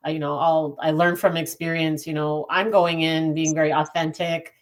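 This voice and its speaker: A woman co-hosting a podcast who talks earnestly and strings her thoughts into rambling lists. Her voice sits somewhat low, and she laughs easily. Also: flat delivery, normal speed. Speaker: podcast co-host. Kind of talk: casual chat.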